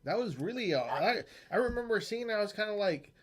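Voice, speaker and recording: A man's voice: high-pitched, big pitch swings, fast talker. A man co-hosting a podcast, chatting casually, laughing often and swearing as he rambles. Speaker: podcast co-host. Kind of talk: casual chat.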